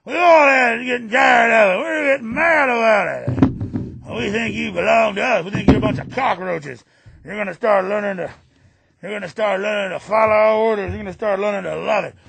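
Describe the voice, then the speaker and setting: A man doing a satirical impression of a sneering, domineering male president, shouting and ranting in a gravelly voice. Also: high voice, fairly quick, background noise. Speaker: radio talk host. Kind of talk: satirical impression on talk radio.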